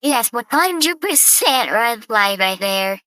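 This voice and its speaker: Woman streamer, casual reaction talk, blunt asides; slow and bright, dry close mic. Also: fairly high pitch, lively intonation, dry recording, low-quality recording.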